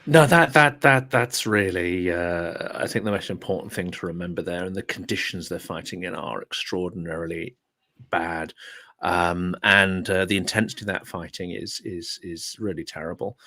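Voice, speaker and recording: A man who is a guest on a live chat, speaking in an earnest, measured way as he makes firm points. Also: deep voice, bright, forceful tone. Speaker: guest, political channel host.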